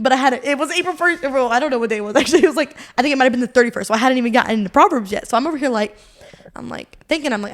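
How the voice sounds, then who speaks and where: Racing along in a high voice, a young female podcast co-host rambles through a lengthy personal anecdote. Her casual chat is packed with filler words and laughs.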